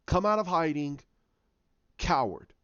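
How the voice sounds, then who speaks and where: A man voicing a gruff, ruthless female armored commander in a cold, taunting way, on a slightly dull, dry recording. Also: on the high side, lively intonation, a little slow, fairly bright tone, dry recording.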